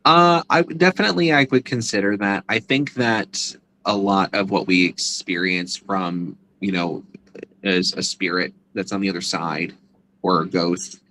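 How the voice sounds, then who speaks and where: Casting: low-voiced man, easygoing guest, rambling interview chatter. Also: a little slow, sharp tone, a little hiss or hum, low-quality recording. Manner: chatty, rambling with fillers and restarts. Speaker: guest, psychic medium and convention organizer. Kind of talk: casual interview chat.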